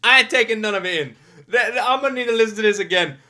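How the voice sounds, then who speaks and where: A woman hosting a casual music reaction, exclaiming loudly, swearing a lot and laughing often. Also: on the high side, very fast. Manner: excitable, loud exclamations, heavy swearing, frequent laughter. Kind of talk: casual first-listen reaction commentary.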